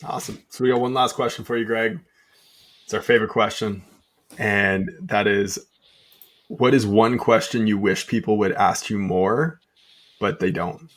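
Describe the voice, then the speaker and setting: Low, husky-voiced podcast host. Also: male voice, fairly even intonation, moderate pace, a bit bright. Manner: easygoing, laughs readily. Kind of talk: casual podcast chat.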